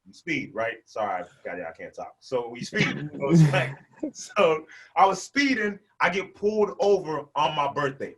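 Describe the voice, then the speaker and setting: A man in his twenties doing animated stand-up storytelling for a virtual event, laughing between lines and acting out the people in his story. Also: fairly high pitch, normal speed, slight background noise. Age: 20s. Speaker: stand-up comedian. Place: a room, performing for a virtual event. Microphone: video call microphone.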